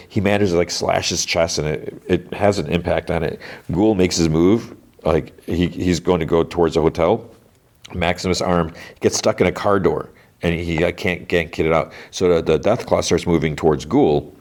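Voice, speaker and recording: A man's voice: sits low, darkish tone. A man hosting a podcast, recapping a TV episode in a loose, rambling way full of "like" and restarts. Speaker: podcast host.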